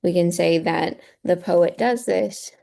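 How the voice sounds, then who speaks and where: Woman teacher, low-pitched, gravelly edge, patient step-by-step explainer for a screen-share lesson. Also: slow pace, dark tone. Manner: patient, checks in with rhetorical "right?".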